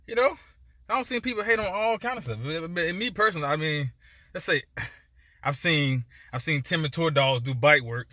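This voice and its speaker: A man chats casually as a dog breeder, circling back with fillers and restarts. His voice sits a touch high and bright. The recording is close and dry, with no room sound. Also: dry recording. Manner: conversational, many fillers and restarts. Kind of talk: casual opinion vlog.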